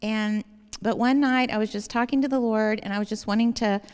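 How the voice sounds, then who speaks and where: A woman's voice: a little high, fairly even intonation, fairly quick, a little mellow, clear, resonant tone. A woman giving a personal faith testimony to an audience, telling her story in an earnest, rambling way in a large hall. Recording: long hall reverb.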